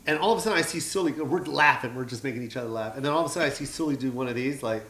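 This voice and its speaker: A man, a stand-up comedian, telling animated stories in casual podcast chat, acting out quotes with plenty of swearing. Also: medium pitch, very fast. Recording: echoey room.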